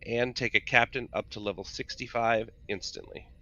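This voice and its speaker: A man co-hosting a casual live stream, chatting and reading a promo in a relaxed, confident way. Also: medium pitch, normal speed. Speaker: podcast co-host. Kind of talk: casual chat and read promo. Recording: dull lo-fi audio.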